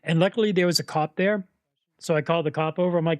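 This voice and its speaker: A man's voice: on the high side, fast talker, dry recording. A man co-hosting a livestream, chatting casually and teasing the others. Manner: teasing, insistent. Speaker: co-host.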